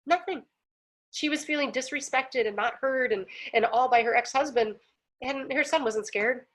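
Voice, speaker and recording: A woman's voice: high-pitched, normal speed, a bit bright. A woman teaching a personal growth class in a casual, earnest way, acting out quotes and laughing often. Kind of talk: casual talk to a group. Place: home, pool outside her patio.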